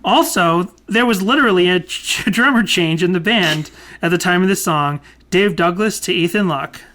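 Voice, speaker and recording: A young man co-hosting a podcast in casual chat, rambling at length, talking loudly and laughing often. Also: sits high, normal speed. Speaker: podcast co-host.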